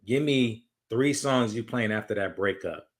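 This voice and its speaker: A man hosting a casual interview, asking questions in a relaxed way. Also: on the low side, a little slow. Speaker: podcast host.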